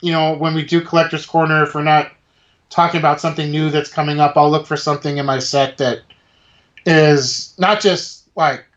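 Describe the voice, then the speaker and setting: Chatty man, slightly high, dull audio. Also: fairly even intonation, fairly bright tone. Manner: halting, many restarts, enthusiastic about collectibles. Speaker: podcast co-host. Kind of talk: casual chat.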